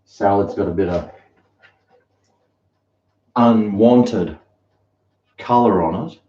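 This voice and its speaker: A man's voice: on the low side, slow pace, mellow. Rambling Australian man, roomy lo-fi chat. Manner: rambling, chatty storytelling. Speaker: live streamer. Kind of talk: casual live-stream chat. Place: home kitchen. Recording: roomy, dull lo-fi sound.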